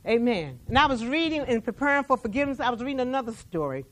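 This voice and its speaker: A woman preaching a sermon, telling stories that swing between a soft hush and raised emphasis, with repeated words along the way. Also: a little high, big pitch swings, fast talker. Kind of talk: sermon storytelling.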